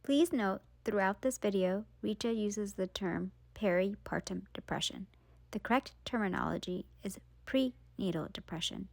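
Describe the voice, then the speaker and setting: A woman's voice: medium pitch, normal speed, vocal fry, darkish tone, no room sound. A woman reading a scripted accessibility note and visual description in a plain, informative way. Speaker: accessibility narrator. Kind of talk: scripted read notice.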